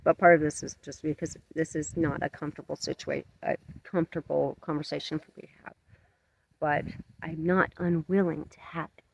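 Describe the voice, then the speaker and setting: A man talking earnestly to his camera outdoors at dusk, his voice shaky from cold and emotion, halting and self-conscious. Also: fairly high pitch, little pitch movement, vocal fry, noisy background. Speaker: vlogger. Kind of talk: emotional outdoor vlog monologue. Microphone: camera mic up close.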